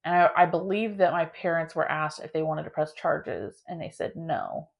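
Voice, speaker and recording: A young adult woman from Indiana, hosting a podcast and telling a story in a dramatic, animated way, full of filler "like"s. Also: deep voice, moderate pace, creaky, lo-fi sound. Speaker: podcast host. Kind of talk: casual storytelling.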